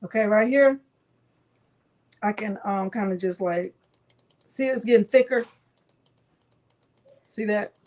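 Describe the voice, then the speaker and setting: A middle-aged woman hosting a live craft software tutorial, chatting with viewers by name while she demonstrates. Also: mid-range voice, takes it slowly, long pauses.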